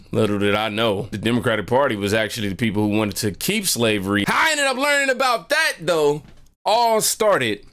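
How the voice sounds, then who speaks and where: A man hosting his own channel, telling a personal story in a lively, slangy way and often jumping into high voices to quote people. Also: creaky. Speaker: channel host. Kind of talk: storytime vlog.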